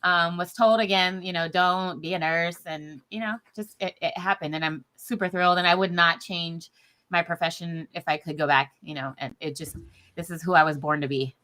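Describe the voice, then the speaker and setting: A woman tells her own story in an interview, chatty and emotional, and keeps slipping into little acted quotes. Her voice is bright and forceful. She is heard over a video call. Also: fairly low pitch, normal speed. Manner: animated storytelling with many fillers and acted-out quotes. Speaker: guest nurse executive.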